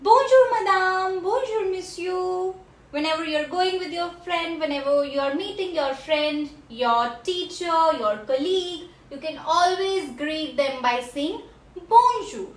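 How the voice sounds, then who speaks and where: A woman teaching a French class, slowly repeating each word for her learners. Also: very high-pitched. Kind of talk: classroom language lesson. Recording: echoey room.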